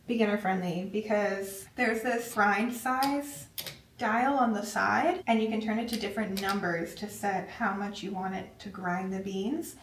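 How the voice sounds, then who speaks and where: Excitable woman chatting from across an echoey room. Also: mid-range voice, far from the mic, a little hiss or hum. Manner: chatty, excitable, reads labels aloud. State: out of breath at times. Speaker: vlogger. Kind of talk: casual unboxing chat.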